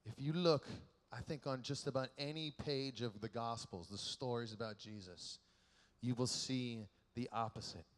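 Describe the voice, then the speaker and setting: A man giving a keynote sermon at a youth conference, telling stories in an animated, joking way and acting out the people in them. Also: mid-range voice, normal speed. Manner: animated, joking storyteller who acts out quotes. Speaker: keynote speaker. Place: large conference hall. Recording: echoey large hall.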